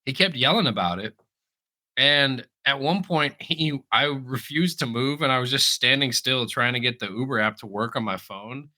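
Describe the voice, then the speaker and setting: A man's voice: mid-range voice, moderate pace. A man co-hosting a podcast, telling a story in casual chat and swearing freely. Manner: animated, swearing, acts out quoted voices. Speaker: podcast co-host.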